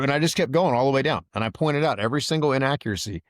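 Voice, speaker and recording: A man's voice: mid-range voice, rapid-fire, few pauses, no echo, clean studio sound. A man, a veteran hosting a podcast, telling his story in casual chat and acting out other people's lines with a raised voice. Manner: animated retelling, quotes others in raised voice.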